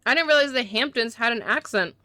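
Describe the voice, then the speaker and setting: A woman's voice: a little high, lively intonation, brisk, pushed and bright, dry recording, clean studio sound. Chatty self-deprecating woman streamer. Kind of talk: casual game commentary.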